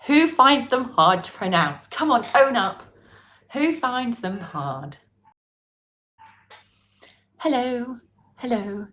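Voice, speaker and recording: A woman's voice: a little high, slight background noise. A woman with a British English accent teaching a pronunciation class, coaxing her students and drilling sounds with careful repetition. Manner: lively, coaxing, drills sounds slowly and repeats them. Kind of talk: live online pronunciation lesson.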